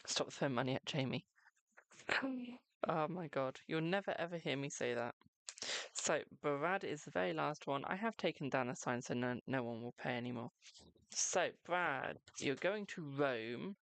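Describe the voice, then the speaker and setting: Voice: mid-range voice, animated, normal speed, creaky, fairly bright tone, no room sound. A live-stream host doing tarot readings in a chatty, reassuring way, calling viewers "my darling" and leaning on "okay" between lines. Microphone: close microphone.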